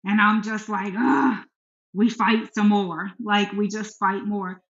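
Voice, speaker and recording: A woman's voice: mid-range voice, level tone, a little slow, a bit bright. A middle-aged woman, a podcast guest, telling a personal story earnestly and frankly about her faith. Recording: echoey room, dull sound.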